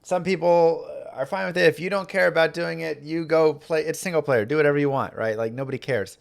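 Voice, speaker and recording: A young man hosting a live stream, chatting excitedly about his game and thanking viewers. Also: fairly high pitch, fairly quick, gravelly. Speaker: streamer and host. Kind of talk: casual live gameplay commentary.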